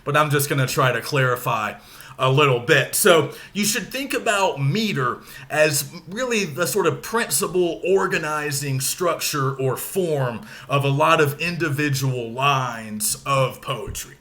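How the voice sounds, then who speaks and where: Man, teacher, recorded lecture, bright tone, slightly high voice, casual explaining. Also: measured pace.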